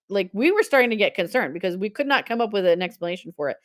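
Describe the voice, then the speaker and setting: A woman's voice: mid-range voice, expressive, rapid-fire, few pauses. A woman in her forties hosting a live-stream sale, chatting casually, telling stories with frequent laughter and reading out viewer comments.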